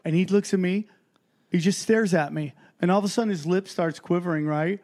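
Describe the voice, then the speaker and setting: A man who is a comedian guest, telling a story in a casual, profane, rambling and animated way. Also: high voice, fairly quick.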